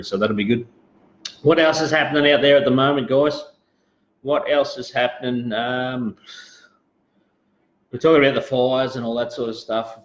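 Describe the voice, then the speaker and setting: Rambling Australian man on a live stream. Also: lowish voice. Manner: rambling, laid-back, greets viewers, frequent fillers. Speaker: live show host. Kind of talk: casual live-stream chat. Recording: roomy, dull lo-fi live stream audio.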